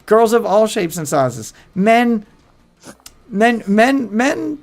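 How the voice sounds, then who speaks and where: A man's voice: sits high, big pitch swings, takes it slowly, faint music behind. Crude rambling male streamer. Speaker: livestream host. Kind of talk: casual chat.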